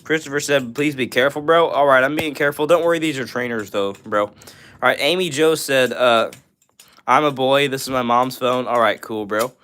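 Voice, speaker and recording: A man's voice: mid-range voice, moderate pace, a bit bright, clear, resonant tone. A young man hosting a live stream, reading out viewer comments and answering them in a friendly, upbeat way with lots of "all right" and "bro".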